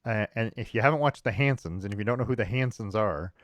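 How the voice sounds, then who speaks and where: A man with a fairly low voice talks sports movies in a loose, rambling way, stumbling over restarts and filling gaps with ums. The sound is dry and close. It feels like an easygoing podcast conversation. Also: fast talker, no room sound. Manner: rambling, frequent restarts and fillers, chuckling. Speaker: podcast co-host. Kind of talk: casual sports chat.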